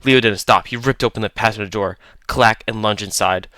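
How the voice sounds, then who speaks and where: A man's voice: fairly low pitch, brisk, pushed and bright, no echo. A man narrating a horror story in a tense, clipped, dramatic way.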